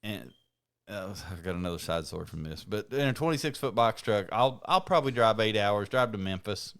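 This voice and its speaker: A man with a low, smooth voice co-hosts a podcast. He rambles through his plans in loose, profanity-laced chat. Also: animated, brisk, fairly bright tone. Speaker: podcast co-host. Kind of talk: casual chat.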